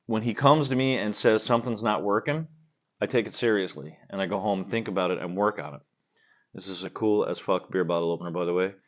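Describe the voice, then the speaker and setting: A man with a fairly low voice talks to camera at home, answering viewer questions while he drinks beer. He speaks bluntly and profanely and tends to ramble. The recording sounds dull and lo-fi. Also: fast. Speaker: cover band guitarist. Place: at home, indoors.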